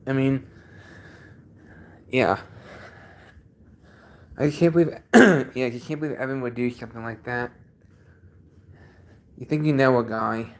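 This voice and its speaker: Man, congested, livestream host, casual chat, halting, repeats himself, basement, mid pitch. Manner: halting, repeats each sentence.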